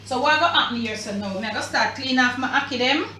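A woman's voice: high voice, quick pace, pushed and bright. A woman with a Jamaican accent hosting a cooking show, talking viewers through a recipe in a chatty, emphatic way. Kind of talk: casual cooking demonstration. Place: home kitchen. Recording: roomy sound from a distance.

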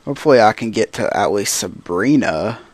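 A man's voice: lowish voice, lively intonation, brisk, dry recording. A man giving casual gameplay commentary as a let's play host, grumbling to himself in frustration.

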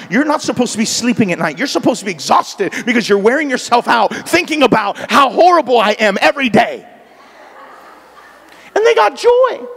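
A male pastor preaches in a high voice that rises to near shouts and drops to quiet asides. His delivery is conversational and animated, like talking straight to the congregation. The sound carries a long church reverb. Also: vocal fry, breathy edge. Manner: animated and conversational, swings between loud and soft. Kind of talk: sermon. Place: church sanctuary.

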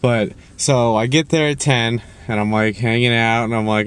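A man's voice: mid-range voice, normal speed, hardly any pauses, clear, resonant tone. A young man ranting casually to camera, rambling and cursing as he jumps around in his story. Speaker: vlogger.

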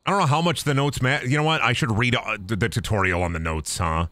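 Streaming a ghost-hunting game, a young man talks fast through casual commentary, cracking jokes, cursing, and putting on goofy voices. His medium-pitched voice is a bit bright, with studio-quality sound and no room noise.

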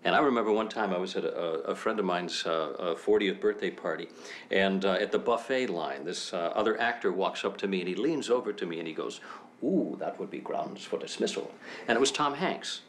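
An actor in an interview, telling an amused anecdote with plenty of fillers. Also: male voice, sits low, fairly quick, fairly bright tone, a little hiss or hum. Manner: amused storyteller with many fillers. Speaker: actor interviewed about a sitcom.

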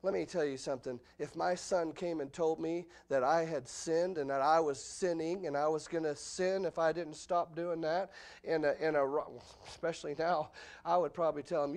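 A middle-aged man preaching an expository sermon in a church, animated, with the voice leaping up when acting out quotes. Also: fairly high pitch. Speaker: pastor. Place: church sanctuary.

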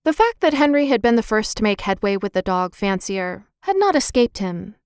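A woman's voice: mid-range voice, very animated, moderate pace, a little mellow, clear, resonant tone, no room sound, studio quality. Woman narrating a children's storybook. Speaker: audiobook narrator.

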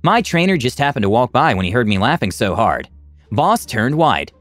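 A man's voice: mid-range voice, huge pitch swings, normal speed, dry recording, soft background music. A man narrating a reddit revenge story, reading out the character tags as he goes.

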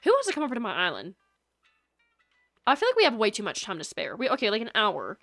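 A woman livestreamer talks casually to her chat while she plays, wandering from thought to thought. Her voice sits a little high, and her speech is loose and rambling, full of likes and ums. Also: huge pitch swings, quick pace, pauses often, a bit bright, no room sound, faint music behind.

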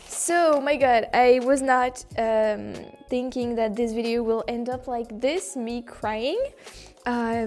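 A woman's voice: fairly high pitch, fairly even intonation, takes it slowly, darkish tone, soft background music. A woman with a French accent, a vlogger talking casually to camera, effusive and exclamatory, with gasps and laughter. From France. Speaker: vlogger opening gifts from viewers. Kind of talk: casual vlog talk to camera.

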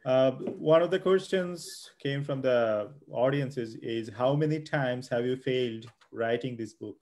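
A man hosting an interview and reading out questions from the audience. He speaks haltingly, with frequent fillers and restarts as he frames each question. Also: mid-range voice, a little mellow. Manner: hesitant, many fillers and restarts. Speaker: host interviewer.

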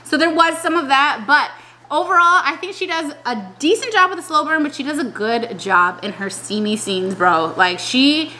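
A young woman talks casually to her viewers in a slangy, chatty way, often trailing off mid-thought and starting again. Her voice is fairly high and bright. Her pitch swings a lot as she talks. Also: lively intonation, normal speed. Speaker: vlogger. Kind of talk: casual chat.

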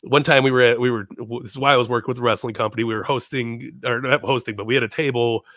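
A young man, a podcast guest, telling stories in casual chat, animated and profane, laughing often and leaning on filler words. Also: mid-range voice, fast, no room sound, clean studio sound.

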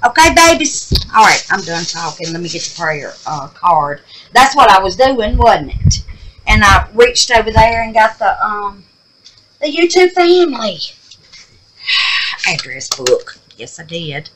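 A woman's voice: medium pitch, animated, measured pace, a bit bright, a little hiss or hum, low-quality recording. A woman hosting a craft channel, chatting affectionately with viewers and easily sidetracked. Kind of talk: casual vlog sign-off with prayer.

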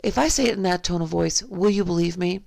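Hoarse woman vlogger with laryngitis, gravelly fry, dry close sound, keeps pressing questions. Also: on the low side, quick pace, darkish tone, no echo. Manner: insistent rhetorical questioning. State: hoarse, has a cold and laryngitis. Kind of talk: spoken monologue to camera.

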